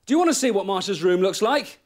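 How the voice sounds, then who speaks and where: A quick, scheming young Englishman. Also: sits high, lively intonation. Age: young adult. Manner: quick, urgent, wheedling. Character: scheming, excitable young man.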